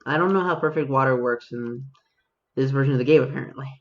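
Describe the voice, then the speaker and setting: A man's voice: mid-range voice, quick pace, muffled recording. A man giving casual, self-mocking commentary over his own gameplay as a video host, talking to himself and his viewers.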